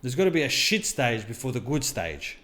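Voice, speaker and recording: With big swings in pitch around a mid-range voice, a middle-aged man talks at normal speed in a fairly bright tone. He's a mindset coach and podcast co-host telling personal stories in casual, blunt chat with heavy swearing.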